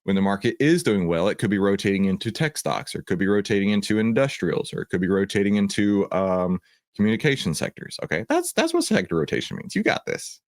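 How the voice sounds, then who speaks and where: A man's voice: on the low side, lively intonation, quick pace, darkish tone, no echo, studio quality. A man hosting a livestream, chatting upbeat with viewers in the chat. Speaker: host of a livestream, reacting to a video.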